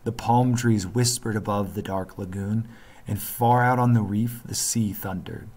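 A man reading a story aloud as a teacher, with steady narration and pauses to think aloud about the plot. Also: on the low side. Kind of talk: classroom read-aloud.

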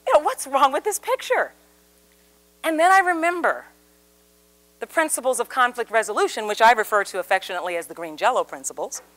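Speaking a little high and fairly quickly, a communication speaker addresses a live seminar audience. She tells a story with animation, performing the quoted voices herself.

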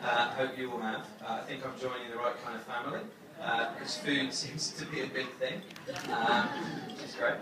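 A young man giving his wedding toast as the groom, halting with many fillers and fighting back tears. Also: medium pitch, flat delivery. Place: wedding reception hall. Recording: echoey hall from far off, crowd noise.

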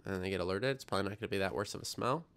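Speaking very fast in a low, smooth voice with a fairly bright tone, a young adult man hosts a science livestream. He rambles, reads out the chat, and is self-deprecating.

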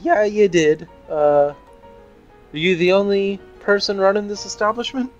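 A man's voice: high-pitched, steady tone, unhurried, lo-fi sound, faint music behind, voice pushed up. A man voicing a wry Irish drifter in an Old West town, with a put-on Irish accent.

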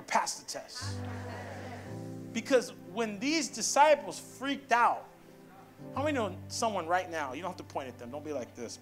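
A man's voice: sits high, sharp tone. A man preaching as pastor, punchy and playful, calling out to the congregation. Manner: call-and-response, punchy, playful asides. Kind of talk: preaching sermon. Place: church sanctuary. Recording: music behind.

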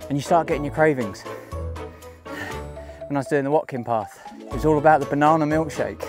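Out on a mountain trail, a man with a fairly high voice chats to the camera at a normal pace, musing aloud and poking fun at himself for his casual walking vlog, with music playing behind him.

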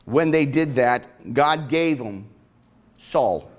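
A man's voice: mid-range voice, animated, takes it slowly. A male pastor preaching a sermon in a church, talking conversationally and calling on the congregation to answer back. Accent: regional accent. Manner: conversational preaching with call-and-response. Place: church sanctuary.

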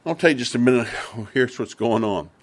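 A male preacher retells Bible stories and then draws the lesson from them. He is emphatic and repeats phrases to drive each point home. His voice sits at an ordinary middle pitch for a man. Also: lively intonation, brisk. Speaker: family ministry preacher.

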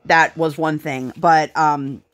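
A woman in her thirties, a mother and vlogger, chats casually while crafting, telling rambling stories filled with fillers. Her voice is low-pitched with fairly even intonation, she takes her time, and she ends with a bright sign-off.

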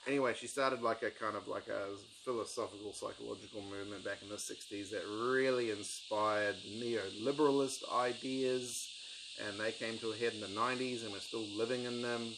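A man talking casually about books from his shelf on his channel, rambling and enthusiastic with many pauses and ums. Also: fairly low pitch, fairly even intonation, background noise. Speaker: book-collecting YouTuber. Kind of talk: casual book review vlog.

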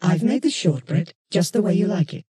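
Eerie android mum voiced by a reader, soft, homely, brisk, storybook, warm tone. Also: medium pitch, animated, breathy edge, dry recording, clean studio sound. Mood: eerily cosy. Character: android copies of a mother, eerily cosy. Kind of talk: storybook audiobook acting.

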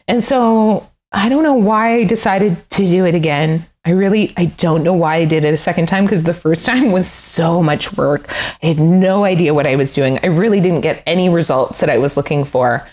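A woman's voice: lowish voice, normal speed, a little mellow. A middle-aged woman, a furniture designer, chatting candidly in an interview, self-deprecating and often laughing. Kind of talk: casual interview chat.

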